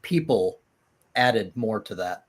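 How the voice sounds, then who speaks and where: A man's voice: lowish voice, lively intonation, slow pace. A man talking casually in a live-stream debate, hesitant and full of restarts, defending his view with a dry laugh now and then. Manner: hesitant, many restarts and fillers, laughs at the idea of souls.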